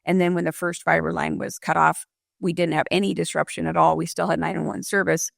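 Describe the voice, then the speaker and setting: A woman emergency management director talks through her approach in a calm, explanatory manner. Her voice is strongly gravelly, full of vocal fry. The recording is dry and close, with no room echo. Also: low voice. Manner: measured, explanatory, gives worked examples. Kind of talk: interview guest answer.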